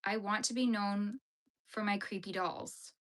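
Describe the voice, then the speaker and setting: On her knitting livestream, a Yellowknife woman speaks at a measured pace in a mid-range voice with fairly even intonation. Her manner is chatty as she answers viewer comments, with easy laughs and frequent use of "like."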